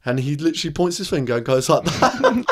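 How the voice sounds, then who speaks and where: A man's voice: a little high, brisk, slightly rough. A young man co-hosting a podcast, telling a story in casual, slangy chat with lots of laughter. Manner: animated, laughing, slangy, acts out voices. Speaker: podcast co-host.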